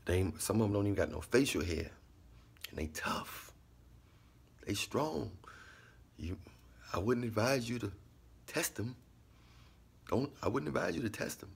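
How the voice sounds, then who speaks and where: Low husky-voiced man musing casually. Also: lively intonation, moderate pace, pauses often. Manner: laid-back, repetitive, drops into quiet asides. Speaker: vlogger giving life commentary. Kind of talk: casual monologue.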